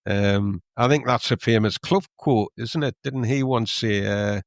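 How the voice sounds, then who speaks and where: A man's voice: on the low side, measured pace, creaky, no echo. A middle-aged man, chatting on a podcast, rambling with lots of ums and restarts. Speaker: podcast co-host, club historian. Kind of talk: casual podcast chat.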